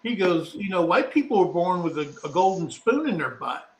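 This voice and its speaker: In an echoey room, a middle-aged co-host of a casual live talk show rambles through an anecdote, performing what people said. He speaks fairly quickly in a high, sing-song voice.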